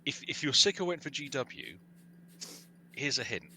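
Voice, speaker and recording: A man's voice: mid-range voice, big pitch swings, normal speed, bright, forceful tone, a little hiss or hum, rough recording. A man joining a casual podcast chat as a guest, talking with dry, wry humor.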